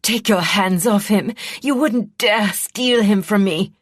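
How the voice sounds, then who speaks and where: A woman voicing a weakened, furious young princess who screams herself hoarse. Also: medium pitch, takes it slowly, no room sound, clean studio sound, pitched above the performer's own voice. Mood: enraged screaming.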